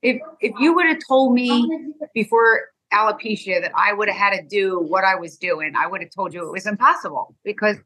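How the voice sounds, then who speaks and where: The middle-aged guest mother's medium-pitched voice is brisk and slightly rough as she tells an emotional personal story, animated and full of acted-out dialogue.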